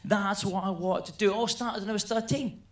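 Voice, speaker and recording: A man's voice: high-pitched, a little fast, echoey room. A man doing a stand-up routine, telling stories animatedly and acting out his friends. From Scotland. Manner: animated storytelling, acts out friends' voices. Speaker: stand-up comedian.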